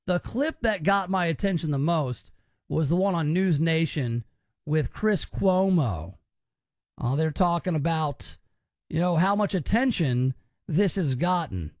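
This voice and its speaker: Male commentary host, higher voice, sarcastic and mocking, dry close sound. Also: animated, unhurried, a little mellow, no room sound. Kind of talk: opinionated commentary.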